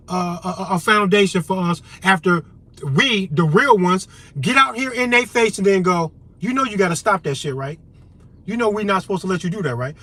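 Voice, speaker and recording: A man vlogging an impassioned, profane political rant to the camera, loud and emphatic, with a faint vehicle rumble behind him.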